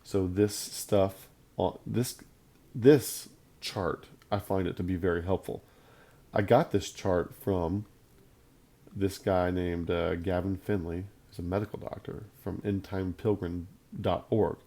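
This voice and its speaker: A man with a low, mellow voice gives a Bible lesson in a plain conversational way. He leans hard on his points, saying key phrases again and again to drive them home. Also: fairly even intonation, measured pace. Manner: emphatic, conversational, repeats points for stress. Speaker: Bible teacher.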